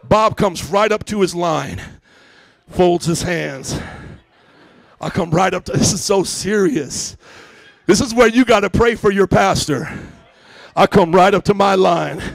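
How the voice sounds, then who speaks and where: A pastor in his thirties preaching a sermon, telling a story in casual slang and acting out the voices with loud outbursts. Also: sits high, a little slow, vocal fry, long pauses, no room sound. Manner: animated, acts out quotes with shouts; casual slangy church talk.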